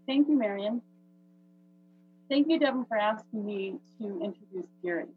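A woman's voice: medium pitch, expressive, moderate pace. A woman chatting casually as she introduces the evening's speaker on a video call. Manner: chatty, with many fillers. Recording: phone-like dry husky audio.

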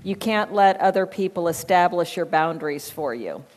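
A woman in her fifties with a lowish voice leads a recovery workshop. She talks in a plain, reflective way with a touch of humor. Her voice carries a long hall reverb. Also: expressive, moderate pace, darkish tone. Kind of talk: workshop talk.

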